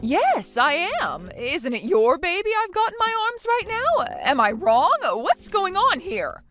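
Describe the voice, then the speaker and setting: A woman's voice: on the high side, huge pitch swings, moderate pace, fairly bright tone, soft background music. A woman voicing an indignant mother-in-law who scolds her daughter-in-law with accusing, rising outbursts, reading a text message story. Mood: baffled.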